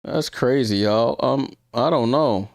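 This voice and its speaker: A man's voice: medium pitch, slow pace, gravelly, a little mellow, dry recording, clean studio sound. A man with a New York accent hosting a live stream, giving casual reaction commentary, thinking aloud and talking to his viewers with hesitant ums. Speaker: livestream host.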